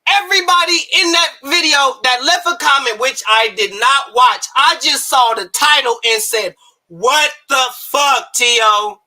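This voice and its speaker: Sharp-voiced man ranting about boxing. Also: very high-pitched, moderate pace, hardly any pauses. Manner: heated, profane, repeatedly shouting. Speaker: boxing commentator. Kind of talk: ranting commentary.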